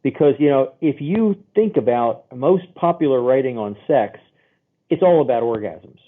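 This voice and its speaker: A man's voice: medium pitch, lively intonation, normal speed. Man on a tinny phone line. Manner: chatty, explains with homely examples and quoted voices. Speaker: sex therapist guest. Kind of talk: podcast interview answers.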